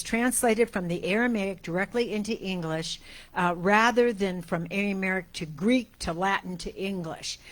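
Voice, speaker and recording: An older woman minister giving a sermon, chatting through family stories and then slowly reading a prayer aloud. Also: medium pitch. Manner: chatty storytelling, then slow deliberate reading. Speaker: guest minister.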